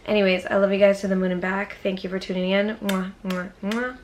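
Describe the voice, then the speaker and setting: A woman's voice: medium pitch, flat delivery, fast talker, a little mellow, slight background noise. A young woman from Massachusetts telling a casual storytime vlog, chatty and profane, with whispered asides. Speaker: YouTuber.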